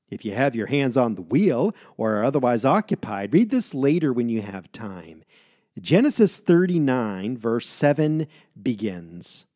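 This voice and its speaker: A man teaching through a Bible passage, reading verses and then stopping to comment. His pitch rises and falls a lot as he stresses key words in a measured, deliberate way. The recording is close and dry. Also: a little mellow, no echo.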